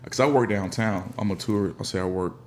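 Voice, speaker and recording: A man's voice: fairly low pitch, a little fast, slight background noise. A man with a Memphis accent hosting a podcast, talking in a laid-back, slangy way and acting out other people's voices. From Memphis, Tennessee. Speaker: podcast host. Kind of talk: casual interview chat.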